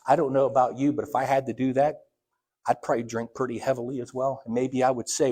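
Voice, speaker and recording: A middle-aged Ohio man, a church elder delivering a sermon, speaks fast in a medium-pitched, mellow voice with a flat delivery and a breathy edge. He tells personal stories conversationally, restarting often and acting out the voices he quotes.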